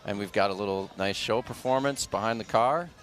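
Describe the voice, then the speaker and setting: A man's voice: fairly low pitch, a little fast, faint music behind. A man doing live commentary on a local TV broadcast of a street parade. He reads sponsor blurbs and chats casually with his co-host.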